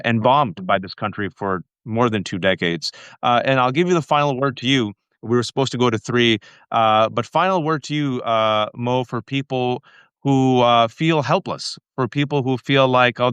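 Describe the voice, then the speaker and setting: A man's voice: medium pitch, clear, resonant tone, no room sound. An American man hosting an interview, telling an anecdote and acting out the voices he quotes. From United States. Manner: animated storyteller, acting out quotes. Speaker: host. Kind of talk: casual interview chat.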